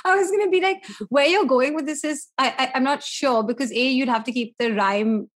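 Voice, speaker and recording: A woman co-hosting a podcast in casual chat, candid and quick to laugh. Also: high-pitched. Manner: chatty, laughs easily, candid. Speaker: podcast co-host.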